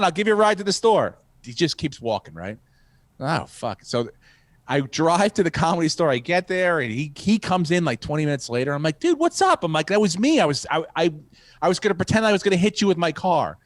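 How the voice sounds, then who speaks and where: Brief: male comedian-host, slightly high voice, rambling profane storyteller, dry close sound. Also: no echo. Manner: rambling, profane, animated with acted-out quotes. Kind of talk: casual storytelling.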